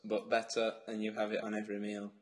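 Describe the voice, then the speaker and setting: A man's voice: fairly low pitch, fast. Dry young northern English man. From North of England. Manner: dry, hesitant, deadpan. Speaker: student radio co-host. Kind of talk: casual comic banter.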